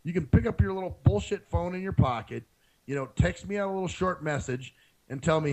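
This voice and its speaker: Gravelly man ranting on his radio show. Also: on the high side, very animated, moderate pace, poor audio. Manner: ranting, frank, swears freely. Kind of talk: casual solo monologue.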